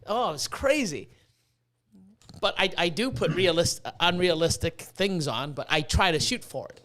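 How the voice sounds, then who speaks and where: A man on a podcast telling stories in a casual, excitable way, swearing freely and acting out what people said. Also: high-pitched, normal speed. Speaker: podcast guest. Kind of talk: casual storytelling.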